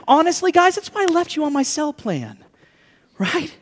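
A man in his thirties, a pastor, giving a conversational sermon with lively asides and jokes to the congregation. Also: very high voice, normal speed.

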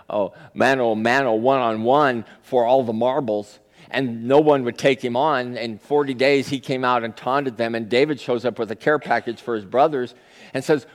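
A man preaching a sermon in a conversational storytelling style that swells into forceful peaks. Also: medium pitch. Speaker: pastor. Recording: long reverb of a large hall.

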